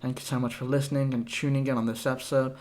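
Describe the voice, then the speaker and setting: A man's voice: mid-range voice, little pitch movement, fast, a little mellow. Casual young man rambling about tech. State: out of breath. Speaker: podcast host. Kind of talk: solo tech podcast talk.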